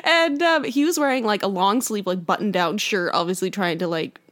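A young woman with a mid-range, fairly bright voice casually tells a friend a rambling story at normal speed. She leans heavily on "like," fills it with other fillers, and laughs as she goes.

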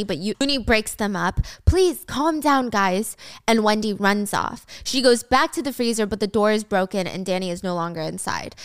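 A young woman narrating a casual drama recap in a chatty, animated storytelling way. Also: mid-range voice, clean tone, dry recording, studio quality.

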